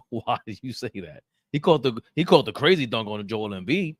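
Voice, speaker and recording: A man hosting a loose live-stream sports talk show, reading viewer comments and ranting in an animated, bantering way. His pitch sits in an ordinary middle range, and the sound is close and dry, with no room echo. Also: moderate pace.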